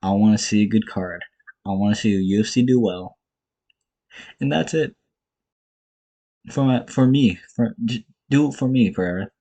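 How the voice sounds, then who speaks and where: This MMA commentator vlogger is a young man whose fairly low, dark-toned voice moves at a moderate pace with frequent pauses. On his vlog he rants casually and with plenty of profanity about fight cards, blunt and exasperated, driving points in short repeated bursts.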